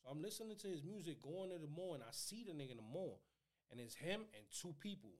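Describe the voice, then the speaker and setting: A Bronx-raised man with a New York accent, his voice sitting noticeably high for a man. He tells stories in relaxed street slang and swings into loud, lively retellings. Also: quick pace. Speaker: guest comedian. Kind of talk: casual podcast chat, storytelling.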